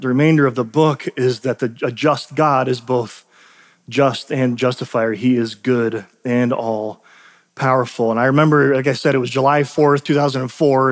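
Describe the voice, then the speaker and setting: A male pastor preaching a sermon, telling personal stories earnestly and repeating lines for emphasis. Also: medium pitch.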